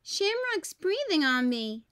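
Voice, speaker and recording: Lady putting on a whiny little girl, high and eager, slow storybook read-aloud. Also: very animated, a bit bright, full character voice.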